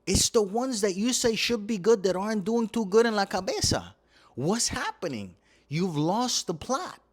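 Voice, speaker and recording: A man's voice: a little high, no echo. A Puerto Rican man hosting a podcast, delivering a profane comedic rant and switching freely between English and Spanish. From Puerto Rico. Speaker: podcast host.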